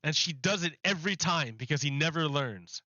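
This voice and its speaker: A man's voice: fairly high pitch, expressive, a little fast, pushed and bright, dry recording, highs cut off. A man streaming live, rambling through a mocking rant in casual chat and laughing often.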